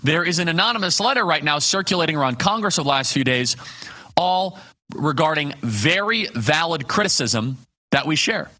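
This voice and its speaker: Guy hosting a political talk show, bright punchy voice, fired-up rhetorical commentary. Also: a little high, expressive, moderate pace. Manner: emphatic, rhetorical, punchy lists.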